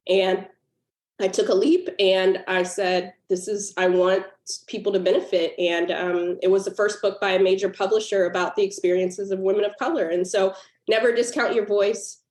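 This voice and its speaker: Woman guest, mid-pitched, pouring out an emotional personal story; echoey room. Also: a little mellow. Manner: earnest and emotional, with laughs breaking into the telling. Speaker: guest author. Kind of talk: personal storytelling in a podcast interview. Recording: roomy echo.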